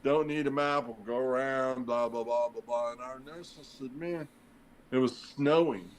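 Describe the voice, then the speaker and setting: A middle-aged man, once a firefighter and now a podcast guest, spins a long, casual story at normal speed in a medium-pitched voice. He wanders off track, acts out the dialogue, and fills it with lots of fillers. The recording is rough.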